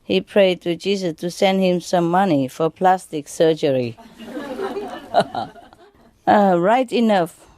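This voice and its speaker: A woman spiritual teacher telling jokes to an audience in an unhurried way, often laughing at her own punchlines and restarting her phrases. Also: lowish voice, mellow, no echo.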